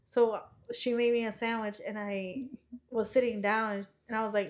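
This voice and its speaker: A young woman co-hosting a podcast, telling embarrassing stories in animated casual chat, swearing often and laughing as she goes. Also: mid-range voice, fairly quick. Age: young adult. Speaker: podcast co-host, youngest sister.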